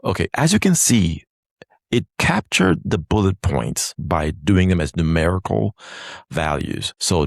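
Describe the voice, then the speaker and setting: A man who works as a lawyer and mediator, walking step by step through dictation software and reading sample text aloud. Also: low-pitched, big pitch swings, measured pace, vocal fry, dry recording, studio quality. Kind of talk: screen-recorded software demo.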